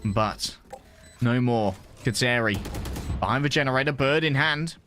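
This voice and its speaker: A man casting an esports match with quick, playful play-by-play commentary. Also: medium pitch, bright, forceful tone, soft background music. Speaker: esports caster.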